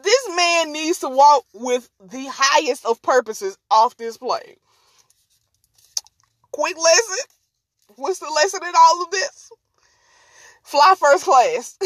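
A woman podcast host telling a story in an animated, slangy, casual way and laughing often. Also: high voice, dry recording.

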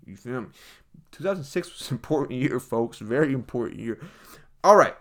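A young man riffing through a loose comedic monologue in heavy slang, talking straight to his listeners as folks. His voice sits at an ordinary middle pitch for a man, and he keeps the mood loose and joking. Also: lively intonation, a little fast.

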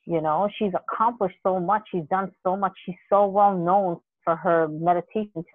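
A podcast co-host chatting casually, telling rambling, animated stories with many restarts and the odd curse word. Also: mid-range voice, normal speed, dry recording. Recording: dry, tinny phone-line sound.

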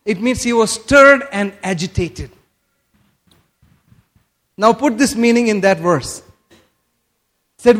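Guy preaching a sermon real slow, pretty high voice, gets loud and emphatic on the big lines. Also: animated. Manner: slow, rising to emphatic bursts on key phrases; asides while looking up words in his notes. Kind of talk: sermon, reading and explaining scripture.

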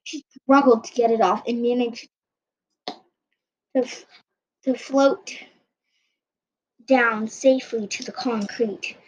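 A woman's voice: on the high side, steady tone, slow, long pauses, a little mellow. A woman reading her own story aloud in an earnest, uneven way, on a dull lo-fi recording.

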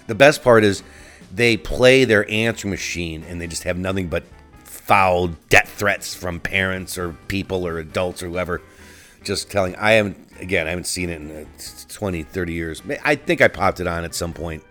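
A low-voiced man ranting profanely. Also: normal speed, a bit bright, faint music behind. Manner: profane, ranting, frequent restarts. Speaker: podcast host. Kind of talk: solo podcast rant.

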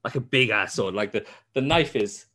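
A man chatting on a podcast about a game he plays. He tells the story in an animated, sweary way, restarting his sentences as he goes. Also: mid-range voice, normal speed. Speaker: podcast host. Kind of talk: casual gaming chat.

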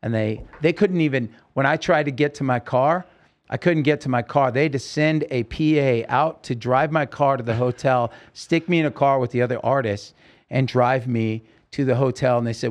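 A man's voice: mid-range voice, normal speed. A man in his fifties, a rock singer guesting on a podcast, telling a long story and acting out the dialogue. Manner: animated storyteller, acts out dialogue. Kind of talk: storytelling interview.

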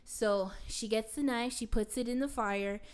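A woman's voice: fairly high pitch, measured pace, smooth. A young adult woman casually retelling a film to a friend, rambling with constant fillers and casual swearing. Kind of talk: casual chat.

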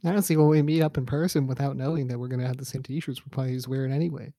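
A man's voice: mid-range voice, fairly even intonation, racing, dark tone, no room sound, clean studio sound. A man co-hosting a wrestling podcast, chatting casually, laid-back and swearing as he rants. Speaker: podcast co-host.

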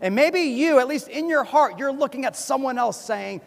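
Animated high-voiced pastor preaching in a church. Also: male voice, normal speed, gravelly, few pauses. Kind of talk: sermon. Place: church sanctuary. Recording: long hall reverb from a church.

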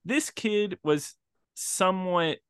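A man's voice: sits high, slow pace, clear, resonant tone, no echo, clean studio sound. A man co-hosting a movie podcast, talking casually and animatedly about a film. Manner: animated, laughs often. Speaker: podcast co-host. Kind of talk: casual movie review chat.

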